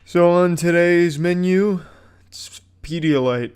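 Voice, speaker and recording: A man putting on a drunk, bombastic mukbang host who drags out every word. The voice sits higher than usual and booms. Every line is hammed up like an announcer's. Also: a little mellow, clean tone. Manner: bombastic, slow, hammy announcing. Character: over-the-top drunk male mukbang host.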